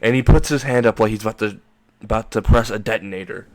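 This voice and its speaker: A man's voice: on the low side, fast talker, a little mellow. Young man rambling through a fan story. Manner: rambling, crude, laughs at own jokes. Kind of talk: casual fan-fiction narration.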